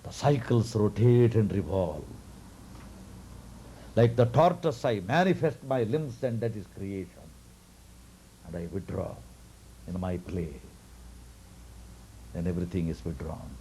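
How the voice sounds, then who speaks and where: A calm, majestic divine child-god spoken by a man telling a devotional tale. The voice drops low and hushed, solemn and unhurried. Its tone is dark and mellow, with lively rises between the quiet passages. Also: slight background noise. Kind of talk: devotional storytelling.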